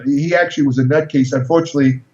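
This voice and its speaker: An older man with a fairly high voice tells a story in an animated, meandering way, stumbling over and repeating his words. The recording sounds roomy and a little dull. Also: very fast. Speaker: guest storyteller. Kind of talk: casual interview anecdote. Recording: echoey, slightly dull recording.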